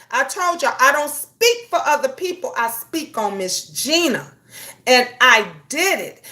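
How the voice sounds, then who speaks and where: A woman with a high-pitched voice hosts a casual live stream, greeting viewers by name between points. Her delivery is blunt and emphatic, like a sermon, and she swears freely. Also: a bit bright. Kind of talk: casual live-stream talk reading chat.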